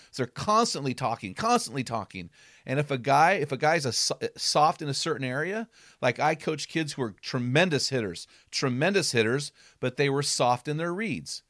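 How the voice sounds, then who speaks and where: A man, a former football coach, talking through Bible passages in an animated casual way, acting out quotes with loud bursts. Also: medium pitch, dry recording, studio quality. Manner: emphatic, acts out quotes with sudden loud bursts.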